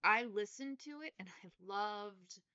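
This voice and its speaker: A woman's voice: medium pitch, unhurried, pushed and bright, clear, resonant tone, no room sound. A woman co-hosting a podcast, chatting casually and eagerly about a book and leading the conversation. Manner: enthusiastic, leads the discussion. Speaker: podcast co-host. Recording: dull lo-fi recording.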